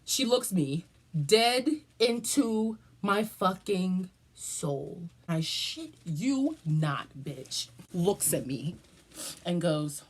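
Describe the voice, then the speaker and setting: A woman vlogger telling a story in a casual, profane and dramatic way, jumping up and down in pitch. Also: drawn-out words, slightly rough. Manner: animated, profane and dramatic, with big jumps in pitch.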